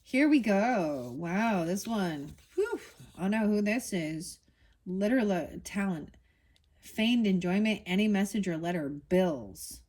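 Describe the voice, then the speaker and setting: A woman's voice: mid-range voice, lively intonation, takes it slowly, darkish tone. A woman giving a casual tarot reading, talking bluntly and getting heated, with swearing and many restarts. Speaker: tarot reader.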